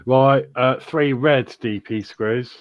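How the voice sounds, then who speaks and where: A man's voice: medium pitch, slow, no echo, lo-fi sound. A man co-hosting a build stream, reading out parts and instructions in a brief, matter-of-fact way.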